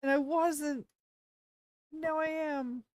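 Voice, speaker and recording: A woman streaming live in a casual chat, flustered and panicky as she apologizes and breaks into excited greetings to viewers. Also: sits high, slow, no echo, clean studio sound. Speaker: VTuber streamer.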